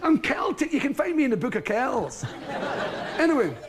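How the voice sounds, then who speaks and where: A Scottish man with a high, wildly swooping voice rambles through a funny story about his father. He laughs as he goes and keeps losing the thread. A noisy television studio hums behind him. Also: very animated, normal speed, some chatter behind. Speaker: guest. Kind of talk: storytelling on a chat show.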